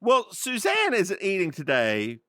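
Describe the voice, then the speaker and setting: Male podcast co-host, teasing banter, lively pitch, bright tone, dry close mic. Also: a little slow, dry recording. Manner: teasing, playful, repeats phrases for comic effect. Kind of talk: casual chat.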